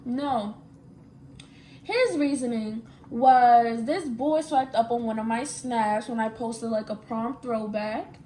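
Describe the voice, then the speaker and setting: A young woman with a high voice tells a story in a lively, slang-filled way, often repeating herself for emphasis. There is a faint hum in the room behind her. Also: slow. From New York. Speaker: vlogger. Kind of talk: casual storytime chat. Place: at home, getting ready.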